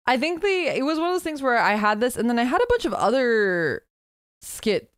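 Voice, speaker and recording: Animated woman streamer, dry close mic. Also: a little high, brisk, clean tone, dry recording. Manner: animated, laughing, reads out old skit scripts. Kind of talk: casual chat.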